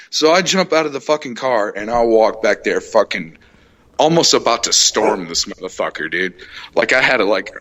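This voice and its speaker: Bright-voiced man telling a profane story. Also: lowish voice, expressive, normal speed. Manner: profane, heated retelling, acts out shouted quotes. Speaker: podcast host. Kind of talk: casual storytelling chat.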